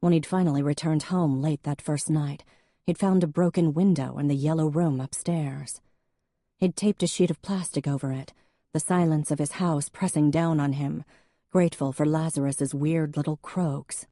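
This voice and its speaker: A woman narrating an audiobook in a measured, steady way. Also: low voice, dry recording, clean studio sound. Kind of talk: scripted narration.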